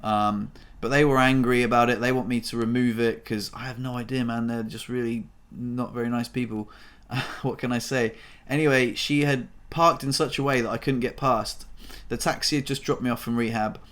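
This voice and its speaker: A man's voice: medium pitch, fairly even intonation, normal speed, a bit bright. A man in a personal vlog telling his own story in a casual, rambling way, full of fillers and swearing, his voice rising when he gets upset. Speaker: vlogger.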